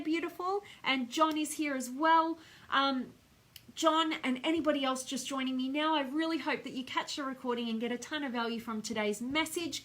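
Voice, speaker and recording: A middle-aged woman with an Australian accent, hosting a live stream and gushing warmly as she reads out viewer comments. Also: high-pitched. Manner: effusive, gushing with affection. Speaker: host.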